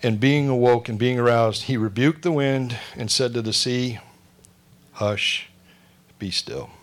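A man's voice: mid-range voice, moderate pace. Man preaching a sermon with joking asides. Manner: joking asides, drops to a soft hush for prayer. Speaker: pastor. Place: church.

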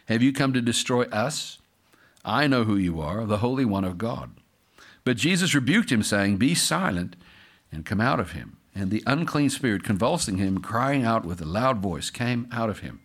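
A pastor reading scripture aloud during a sermon, breaking off often to comment and joke with the congregation. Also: male voice, mid-range voice, animated, normal speed.

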